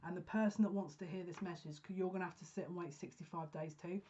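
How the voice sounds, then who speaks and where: A woman giving a pick-a-card psychic reading, talking earnestly and emotionally with halting restarts. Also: lowish voice, steady tone, warm tone. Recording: dull lo-fi sound.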